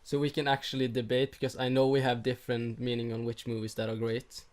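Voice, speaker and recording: A man's voice: medium pitch, level tone, quick pace. A young man co-hosting a casual podcast, swearing freely and laughing often as he chats. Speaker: podcast co-host. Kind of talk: casual chat.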